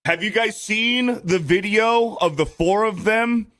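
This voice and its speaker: A man on a panel podcast, ranting with a lot of swearing and shouting when he gets angry. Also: high-pitched, a little slow. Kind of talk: casual panel chat. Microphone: own microphone.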